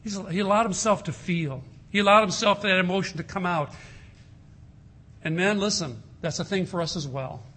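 A man preaching a sermon in an earnest way, slowing down and softening his voice to stress a point. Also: sits high. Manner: earnest, slows and softens for emphasis. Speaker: pastor.

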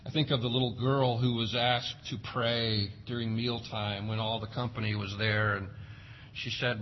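A man's voice: medium pitch, little pitch movement, normal speed, lo-fi sound, slight background noise. A man preaching a sermon as pastor, emphatic and full of rhetorical questions. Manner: emphatic, rhetorical questions, acts out parents' sayings.

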